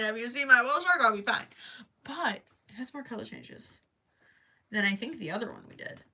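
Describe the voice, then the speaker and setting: A woman's voice: on the high side, expressive, moderate pace, sharp tone. A young woman hosting a casual crochet livestream, chatting with viewers, reading their comments aloud and trailing off now and then to count stitches.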